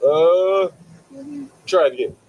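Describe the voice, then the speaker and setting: A man's voice: a little high, slow, muffled recording, a little hiss or hum. Rambling American man hosting a livestream. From Washington, DC. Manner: loose, rambling, swears casually. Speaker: host, landlord interviewer. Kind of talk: casual livestream street interview.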